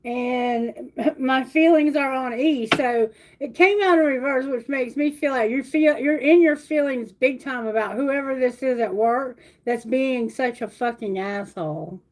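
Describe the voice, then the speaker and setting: A woman giving a live-stream tarot reading, blunt and animated, swearing freely as she talks to viewers. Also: high voice, unhurried, few pauses, a little hiss or hum. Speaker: tarot reader.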